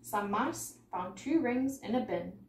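A woman's voice: medium pitch, takes it slowly. Woman reading a rhyming storybook, echoey. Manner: lively, sing-song rhythm. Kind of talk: reading a rhyming picture book aloud. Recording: echoey room, mic far off, faint noise.

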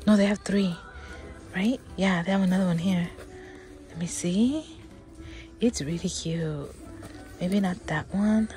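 A middle-aged woman filming a casual shopping vlog inside a large department store, chatting, often dropping to a whisper and gasping with excitement. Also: lowish voice, measured pace, pauses often, soft background music. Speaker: vlogger.

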